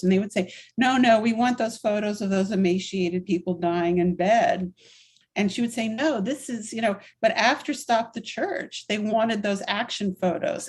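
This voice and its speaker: A woman in her sixties speaks as a guest in an interview. Her delivery is candid and emphatic, and she strings her thoughts together in long, flowing runs. Her voice sits at a middling pitch for a woman. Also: a little mellow. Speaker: interview guest, activist and writer. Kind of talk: conversational storytelling interview.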